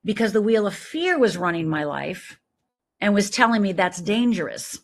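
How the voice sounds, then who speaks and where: A middle-aged woman, a life coach, talking in an animated, emphatic way as an interview guest. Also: medium pitch, moderate pace. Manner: animated, emphatic, lively storytelling with quoted voices. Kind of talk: conversational interview.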